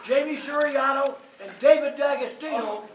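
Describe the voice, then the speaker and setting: A man's voice: extremely high pitch, normal speed. An older man, a retiring school coach, telling blunt, chuckling stories at a gathering. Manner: blunt, chuckling, rambling anecdotes. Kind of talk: casual storytelling at a gathering. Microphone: far from the mic. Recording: echoey, distant, noisy hall.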